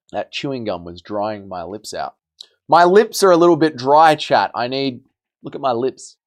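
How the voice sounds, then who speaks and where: A man's voice: mid-range voice, lively intonation, a little slow, pauses often. A young man hosting a casual livestream, bantering as he reads and answers viewers' chat messages. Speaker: livestream host.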